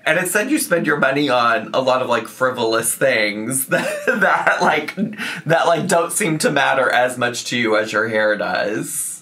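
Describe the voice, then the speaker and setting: A man's voice: medium pitch, animated, measured pace, bright, forceful tone. A man giving casual reaction commentary, rambling and full of "like" fillers.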